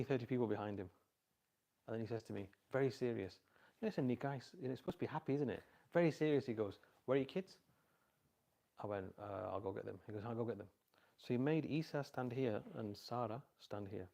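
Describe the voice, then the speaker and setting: A middle-aged man speaks to a live audience in a relaxed, conversational way, often asking listeners to repeat his point back to him. His voice sits at an everyday pitch but has a gravelly, creaky edge. It is also a little husky. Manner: storytelling with animated quoted voices. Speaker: speaker giving a talk on parenting. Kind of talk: informal religious talk.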